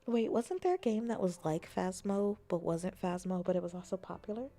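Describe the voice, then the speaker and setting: A woman streamer chatting casually with her viewers, playful and often slipping into soft whispers. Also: lowish voice, lively intonation, normal speed. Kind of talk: casual chat.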